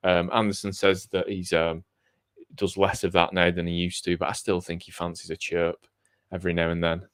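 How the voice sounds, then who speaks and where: A man's voice: low-pitched, level tone, normal speed, a bit bright, dry recording, studio quality. A man co-hosting a live cricket watchalong, chatting casually and thinking aloud with frequent ums. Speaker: cricket podcast co-host.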